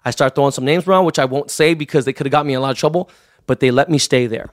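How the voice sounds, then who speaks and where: Fast-talking profane storyteller man. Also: mid-range voice. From Los Angeles. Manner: profane, animated anecdote-telling with voiced quotes. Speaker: guest. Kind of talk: casual storytelling chat.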